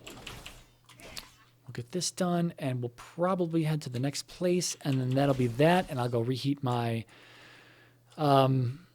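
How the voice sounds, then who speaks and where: A man talks slowly with long pauses in a mid-range, darkish voice, with slight background noise present. Gaming from his home computer room, he chats loosely to viewers, full of fillers, casual swearing and comments about the game.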